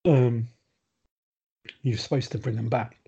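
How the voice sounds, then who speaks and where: A man's voice: mid-range voice, fairly even intonation, measured pace, warm tone, dull audio, slight background noise. A man chatting casually on a podcast, rambling with lots of ums and restarts. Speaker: podcast guest. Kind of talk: casual chat.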